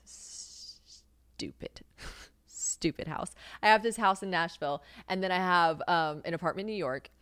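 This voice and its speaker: A woman's voice: fairly low pitch, quick pace, few pauses, fairly bright tone, clear, resonant tone, no room sound. A young woman hosting a casual solo podcast, rambling and swearing freely, laughing often. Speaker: podcast host. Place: home kitchen.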